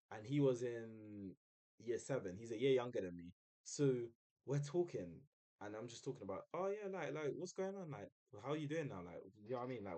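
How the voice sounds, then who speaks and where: A young man, telling a story casually on a live stream, chatty and full of slang. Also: a little mellow. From United Kingdom. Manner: chatty, uses slang, mimics others in a high voice.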